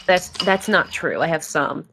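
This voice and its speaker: A woman with a slight New Jersey accent, co-hosting a casual gaming chat, talking quickly, laughing often and swearing freely. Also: deep voice, lively intonation, a loud crowd. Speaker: podcast co-host.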